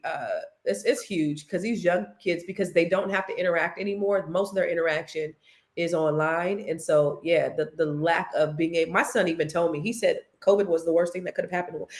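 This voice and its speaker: A middle-aged woman from California co-hosting a casual chat show, teasing and laughing often. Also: fairly low pitch. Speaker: co-host.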